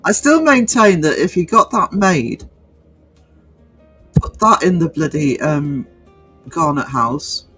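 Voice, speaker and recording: A man's voice: fairly high pitch, lively intonation, takes it slowly, long pauses, bright, forceful tone, slightly rough, soft background music, poor audio. Hesitant man. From North East England. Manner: hesitant, many fillers and restarts. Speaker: livestream host. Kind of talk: casual chat reading viewer comments.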